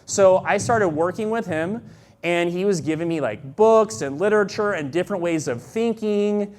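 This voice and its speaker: A man's voice: high-pitched, moderate pace. Chatty young man telling his story. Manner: animated, acts out quoted voices, many fillers. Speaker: storyteller sharing a personal testimony. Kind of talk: casual testimony.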